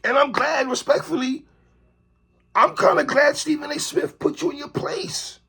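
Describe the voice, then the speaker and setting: A man delivering an animated opinion commentary monologue, calling out a TV host and repeatedly tacking on "sister, respectfully.". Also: very high voice, moderate pace, creaky. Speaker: commentary vlogger.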